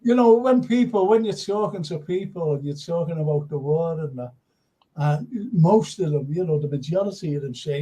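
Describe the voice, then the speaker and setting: A man's voice: a little high, moderate pace, warm tone, poor audio. A man hosting a casual live football chat, rambling and reading out viewer comments. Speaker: host.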